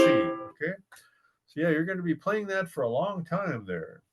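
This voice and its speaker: A man's voice: on the high side, very animated, measured pace, loud music behind the voice, low-quality recording. A man teaching a ukulele class, patiently counting beats aloud while he plays. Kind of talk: ukulele lesson. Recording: loud ukulele under voice. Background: ukulele strumming.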